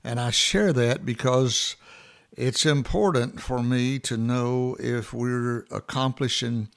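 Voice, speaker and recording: A man with a gravelly, fry-edged voice leads a morning devotional podcast. He talks in a loose, unscripted way, pausing often with fillers and restarting his sentences as he reflects on scripture. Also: medium pitch, fairly bright tone. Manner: halting, many fillers and restarts. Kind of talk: informal devotional talk.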